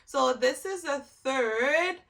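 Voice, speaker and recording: A woman's voice: high voice, expressive, takes it slowly, vocal fry, a bit bright, recorded from a distance. A young South African woman chatting casually in a vlog, full of fillers. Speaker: vlogger.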